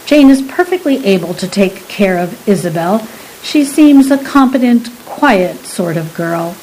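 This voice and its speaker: A woman's voice: mid-range voice, lively intonation, a little slow, a little mellow, slight background noise, close to an everyday voice, poor audio. A woman voicing a stern, cold Victorian husband who speaks in clipped, commanding tones.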